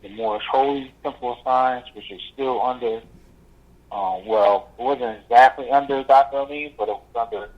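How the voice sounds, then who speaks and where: A man recounts his path as a guest in a casual interview, at an ordinary middle pitch. He rambles and restarts often, leaning on fillers. The audio is dull and lo-fi. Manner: rambling, halting, many fillers, acts out others' lines. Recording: muffled lo-fi audio.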